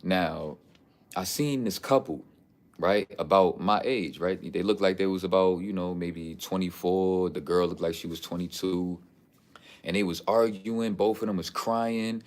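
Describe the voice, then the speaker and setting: A man's voice: low-pitched, moderate pace. A man, telling stories in a casual, streetwise, preachy vlog. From the Bronx, New York. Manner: streetwise, preachy storytelling with lots of "you know what I'm saying". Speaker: vlogger. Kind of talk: casual talking-head vlog.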